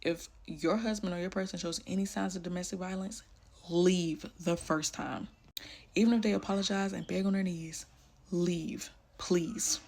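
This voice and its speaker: Gravelly husky young woman storyteller. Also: lowish voice, fairly even intonation, normal speed. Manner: casual, fillers like "like", drops to hushed tones. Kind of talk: personal storytelling.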